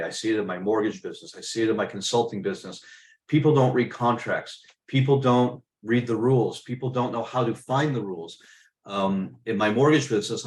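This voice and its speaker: A man's voice: on the low side, roomy sound. A middle-aged man hosting a business webinar, telling stories in a conversational, emphatic way. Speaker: webinar host and business mentor. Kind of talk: webinar presentation.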